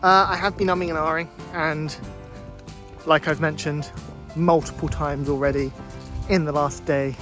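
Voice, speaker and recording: A man talking casually to camera in a vlog, thinking out loud in a chatty, easygoing way. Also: on the high side, flat delivery, moderate pace, pauses often, music in the background. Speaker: vlogger.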